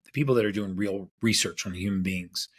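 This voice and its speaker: A man's voice: deep voice, fairly quick, husky. A man being interviewed as a podcast guest, telling a story casually and acting out the quotes with animation.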